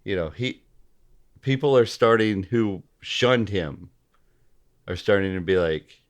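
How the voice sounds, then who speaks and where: A man as a podcast guest in casual political chat, halting and often restarting his sentences. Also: fairly low pitch, lively intonation. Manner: halting, repeats and restarts, gropes for names.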